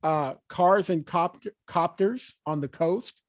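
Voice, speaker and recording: A man's voice: sits high, slow pace, dry recording. A man co-hosting a casual real estate podcast, talking in an easygoing, rambling way with plenty of "uh" and "you know.". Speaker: podcast co-host, mortgage broker.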